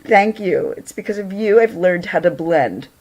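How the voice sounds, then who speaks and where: A woman's voice: lowish voice, lively intonation, measured pace, a little mellow. Chatty woman hosting a livestream. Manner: chatty, greets viewers, laughs often. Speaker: livestream host. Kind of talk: casual livestream chat.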